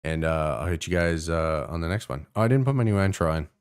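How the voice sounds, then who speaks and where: A man's voice: low-pitched, expressive, fast, clean tone. A young man from Canada, hosting his own stream, talking in a casual, rambling way with lots of cursing, fillers and restarts. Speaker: streamer host. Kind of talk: casual rant to stream viewers.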